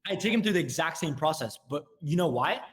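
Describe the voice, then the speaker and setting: Fast-talking young man explaining sales. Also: fairly high pitch. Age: young adult. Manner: rapid, animated explaining, acting out both sides of calls. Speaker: podcast guest, sales trainer. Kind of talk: casual podcast chat.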